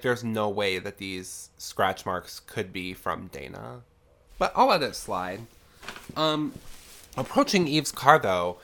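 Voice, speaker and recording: A man's voice: medium pitch, bright, forceful tone. A young man hosting a podcast, casually recapping a horror film in a chatty, sarcastic way, congested from a sinus infection. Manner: chatty, sarcastic, heavy use of "like". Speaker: podcast host.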